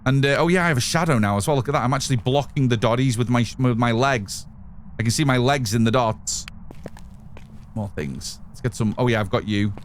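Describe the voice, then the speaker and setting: A streamer gives chatty live commentary while playing a game, talking both to his chat and to himself. He speaks briskly in a medium-pitched voice, with slight background noise.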